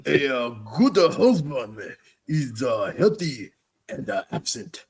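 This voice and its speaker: A man's voice: medium pitch, big pitch swings, slow, crowd noise. A man co-hosting a comedy podcast, chatting casually and reading out jokes between fits of giggles.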